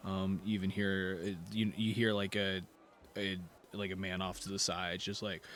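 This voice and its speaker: Bright-voiced game master, filler-heavy. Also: male voice, fairly low pitch, normal speed, no echo. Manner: relaxed, filler-heavy narration. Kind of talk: narrating a tabletop game.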